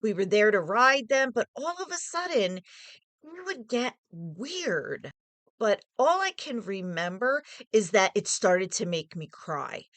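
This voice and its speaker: A woman's voice: mid-range voice, very animated, measured pace, fairly bright tone, no room sound. A woman casually telling a personal story in a rambling, digressive way, thinking aloud as she goes.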